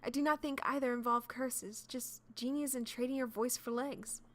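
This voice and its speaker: Woman doing a haughty young princess, curt, demanding, high voice. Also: steady tone, normal speed, close to an everyday voice.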